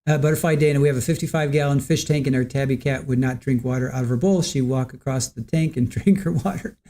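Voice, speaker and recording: A livestream host in casual chat, reading out viewer comments in a relaxed, chatty way with the odd chuckle. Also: medium pitch, fast.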